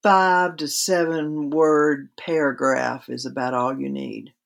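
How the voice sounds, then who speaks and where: A woman's voice: very deep voice, little pitch movement, slow pace, vocal fry. A woman guest on a podcast interview, explaining writing craft in a conversational way with practical examples.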